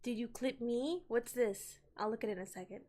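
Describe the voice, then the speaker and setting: A young woman who is sick, giving casual commentary on a horror game, screaming loudly at scares and then chattering and apologizing. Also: on the high side, a little fast. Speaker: gaming streamer.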